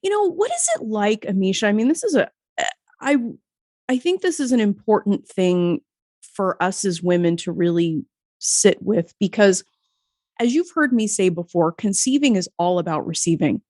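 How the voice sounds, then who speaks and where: A woman's voice: medium pitch, expressive, moderate pace, darkish tone, no echo, clean studio sound. An American woman with a nasal voice, hosting a podcast interview and talking emphatically and encouragingly. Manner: emphatic and encouraging, with casual swearing. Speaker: podcast host.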